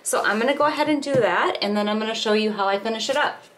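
A woman's voice: fairly high pitch, fast talker. Woman, middle-aged, crochet tutorial host, casual chat, talks while working, faint background hum. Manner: chatty and relaxed, talks while working with her hands. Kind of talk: casual step-by-step craft demonstration.

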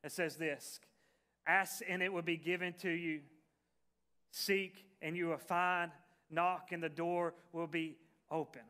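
A man's voice: on the high side, fairly even intonation, unhurried, pushed and bright, clear, resonant tone. A male pastor preaching a sermon in a conversational, folksy way, with fillers and restarts.

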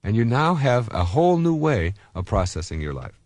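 A man's voice: mid-range voice, big pitch swings, brisk, a little mellow, no room sound. A man in his fifties, a self-help author, giving a conversational motivational talk full of personal stories, with many fillers and restarts.

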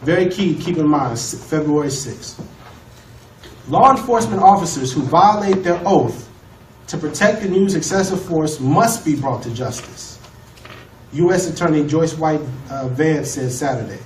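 A man lectures a law class with emphasis, firing questions at the room. His fairly high voice is caught from a distance in an echoey classroom, with clear background noise under it. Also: expressive, normal speed. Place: college classroom. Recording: echoey room from far off, noisy.

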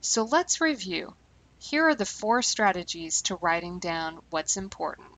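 A woman language teacher giving scripted instructional narration, speaking clearly and slowing down deliberately on key terms. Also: fairly low pitch, sing-song, a bit bright, no echo, rough recording.

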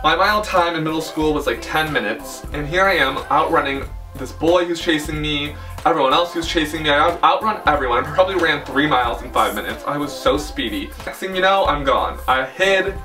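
A man's voice: fairly high pitch, a little fast, hardly any pauses, sharp tone, recorded from a distance, faint music behind. A young man telling a dramatic storytime in a chatty way, full of filler words. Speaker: vlogger. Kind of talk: casual storytime.

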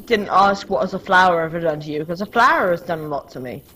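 A woman gamer chats casually while drinking and playing a zombie shooter with friends, swearing and shouting as she plays. Her voice is on the low side and fast. The rough recording has some hiss or hum and loud game gunfire behind.

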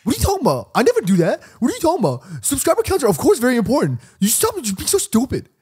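A man doing a shrill mocking impression of a scolding friend. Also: wildly swooping pitch, rapid-fire, darkish tone, breathy edge, heavily acted. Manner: shrill, exaggerated, laughing. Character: impression of co-host, loud scolding young man.

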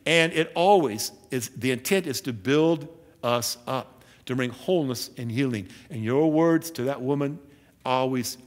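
A man's voice: a little high, long reverb tail. A man giving a sermon as pastor, emphatic and earnest, with self-deprecating asides. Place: church.

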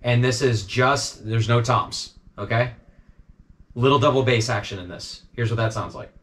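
A man at a mid-range pitch walks through a drum part as a relaxed teacher. He counts the beats and sticking slowly and keeps checking in with a quick "okay?". A faint background noise sits under his voice. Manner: casual, checks in with frequent "okay?". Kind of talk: instructional walkthrough.

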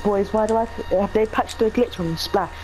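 A woman's voice: mid-range voice, normal speed, darkish tone, low-quality recording. Young British woman gamer, chatty and rambling, faint mic noise. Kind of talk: casual gaming chat.

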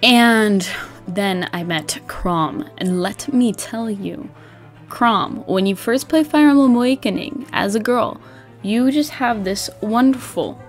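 A young woman vlogger chatting casually about a game, bubbly and animated, laughing often and acting out her old reactions. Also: mid-range voice. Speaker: gaming vlogger. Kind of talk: casual chat.

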